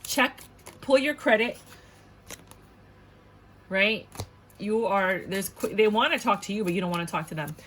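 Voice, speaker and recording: A woman's voice: medium pitch, unhurried, long pauses, fairly bright tone, a little hiss or hum. A woman giving a casual tarot reading to viewers, blunt and outspoken, swearing often and repeating her points with indignant emphasis. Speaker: tarot reader.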